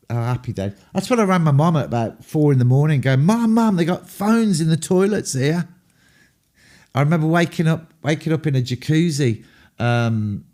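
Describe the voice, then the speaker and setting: A mellow, warm-toned man with an English accent tells candid anecdotes from his rock-and-roll days. He rambles, swears freely and fills his pauses with ums. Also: mid-range voice. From England. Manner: rambling, profane, full of ums. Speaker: rock band frontman.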